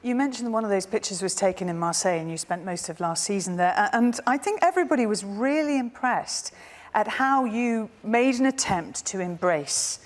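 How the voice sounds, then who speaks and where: A woman hosting a talk show, putting brisk, teasing questions to her guest and linking in segments. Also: medium pitch, lively intonation, big-room sound.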